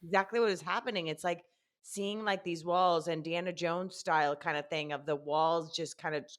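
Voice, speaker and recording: A woman's voice: fairly low pitch, fairly even intonation, normal speed. A woman hosting a podcast, chatting casually and jumping in with playful comments. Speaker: podcast host. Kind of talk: casual interview chat.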